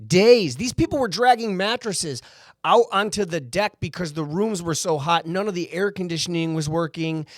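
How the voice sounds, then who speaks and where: A man co-hosting a podcast, chatting casually, animated and swearing as he tells stories. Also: high-pitched, normal speed, no room sound, clean studio sound. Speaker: podcast co-host. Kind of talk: casual chat.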